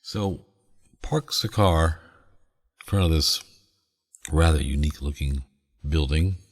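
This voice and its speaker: A man tells a meandering, soothing story for sleep, chuckling now and then. His voice is extremely deep and husky. A long reverb trails behind it. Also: slow pace. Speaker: podcast host.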